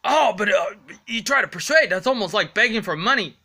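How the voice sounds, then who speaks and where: A man's voice: lively intonation, fairly quick, heavily acted. A man voicing an imagined skeptic who nags and mocks him in a whiny, taunting voice. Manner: whiny, taunting, high-pitched and loud. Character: imagined sneering male skeptic, nagging and mocking.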